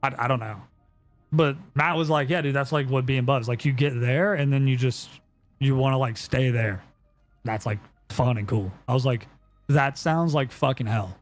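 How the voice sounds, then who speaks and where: A man's voice: mid-range voice, steady tone, normal speed, faint music behind. A young man chatting casually on a live stream, telling a story in a rambling way with lots of fillers and swearing.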